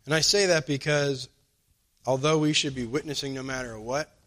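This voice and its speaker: A man preaching a sermon in a loose, everyday voice of middle pitch. He drops his pace to lean on key lines and springs upward when he voices other people in his stories. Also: normal speed. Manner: conversational, acts out quoted dialogue with lively pitch jumps.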